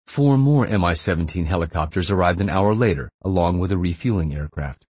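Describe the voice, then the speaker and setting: A man reading a thriller audiobook in a steady, measured way. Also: low voice, husky, dry recording. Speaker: audiobook narrator. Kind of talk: scripted thriller narration.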